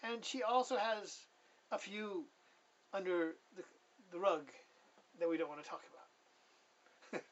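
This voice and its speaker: A man's voice: high-pitched, lively intonation, slow, pauses often, distant mic, lo-fi sound. A man telling his personal testimony in a casual, rambling way. He corrects himself often and chuckles as he goes.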